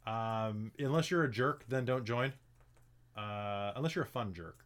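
A man's voice: mid-range voice, a little slow, over a noisy crowd. A man acting as game master and host, chatting loosely and joking with players and viewers after a tabletop game. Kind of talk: casual post-game stream chat.

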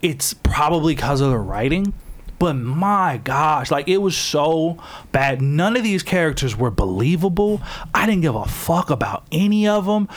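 Male podcast co-host, casual review chat, profane ranting delivery, slightly high and very lively pitch. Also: normal speed. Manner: animated, profane ranting with mocking quoted voices.

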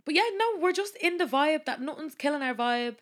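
A woman's voice: high-pitched, expressive, fairly quick, a bit bright. Bubbly young woman, gushing and giggly. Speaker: podcast co-host. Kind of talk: casual chat.

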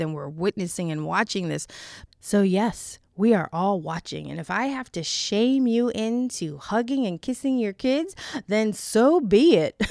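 A woman's voice: mid-range voice, a little mellow, clear, resonant tone, no room sound, studio quality. A middle-aged woman hosting a parenting podcast, talking earnestly and pleading with listeners, with light laughs between points. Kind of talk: solo podcast talk.

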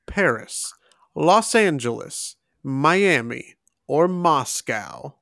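A young man co-hosting a casual trivia contest, reading questions aloud and thinking out loud between laughs. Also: a little high, very animated, very slow, gravelly, no room sound, studio quality.

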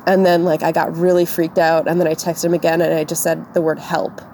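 A woman's voice: low-pitched, level tone, quick pace, mellow, slight background noise. A woman podcast co-host telling a personal story in a casual way, with lots of "like". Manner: tearful and shaken, voice breaking. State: crying.

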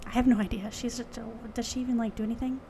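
A woman's voice: on the high side, fairly even intonation, rapid-fire, mellow, a little hiss or hum. Giggly young woman on a podcast. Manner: playful, giggly. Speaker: podcast co-host. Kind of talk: casual chat.

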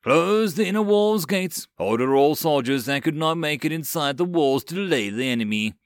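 A man voices a ruthless city lord who issues curt, cold orders, in a lightly acted performance pitched above his own natural voice. The delivery is fairly high, expressive and at a normal speed. Clean studio sound, with no echo.

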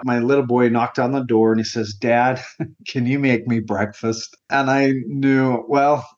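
A man's voice: mid-range voice, lo-fi sound. A man in his forties, a grief counselor as an interview guest, telling his personal story in an earnest, heartfelt way. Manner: earnest and heartfelt, sometimes emotional.

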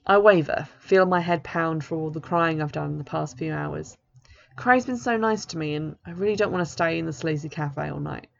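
A woman's voice: deep voice, normal speed, gravelly. A woman author reading her own novel aloud in the first person, in a plain and understated way. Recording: dull lo-fi recording.

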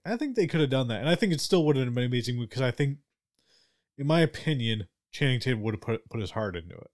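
A man's voice: mid-range voice, very animated, quick pace, a little mellow. A man co-hosting a casual podcast, often hesitating and searching for words. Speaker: podcast co-host.

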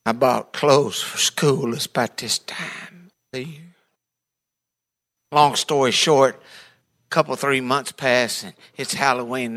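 Man, pastor, bright forceful voice, folksy joking storyteller, sermon. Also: mid-range voice. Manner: folksy and humorous, acts out voices in his stories.

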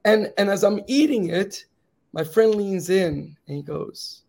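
A man with a fairly high, gravelly voice tells his own story as an interview guest. He speaks earnestly, dropping quiet and grave in the hard moments and rising to rousing encouragement. A slight rasp runs through his voice. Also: measured pace. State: slightly raspy. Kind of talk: telling a personal story.

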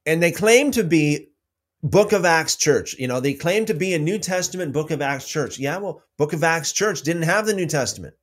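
A man hosting a casual livestream about faith, reading out viewer comments and telling stories with many restarts. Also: normal speed. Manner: rambling, restarts often, lively pitch swings when telling stories.

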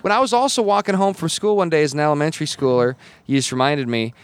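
Lively American male comedian, dry sound. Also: fairly high pitch, quick pace, smooth, no room sound. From United States. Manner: lively storyteller who acts out quoted voices. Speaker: comedian guest. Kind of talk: casual interview chat. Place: comedy club showroom.

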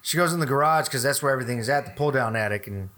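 Bright, crude storytelling man. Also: medium pitch, rapid-fire. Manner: crude, profane storyteller who acts out the people he quotes. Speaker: gas service technician. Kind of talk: casual podcast chat.

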